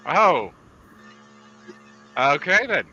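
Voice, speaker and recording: A slightly higher-pitched man with a very bright, forceful voice, joking around as a player in a tabletop game. The sound is dull and lo-fi, with a faint hiss behind it. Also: sing-song, drawn-out words. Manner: playful and jokey. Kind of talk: casual tabletop game chat.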